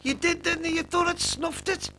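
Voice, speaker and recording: A cranky, stubborn old dad. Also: male voice, extremely high pitch, steady tone, pushed and bright, slight background noise, full character voice. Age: older. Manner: grumpy, stubborn, quick to bicker. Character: stubborn, cranky older father just out of hospital. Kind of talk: TV soap acting.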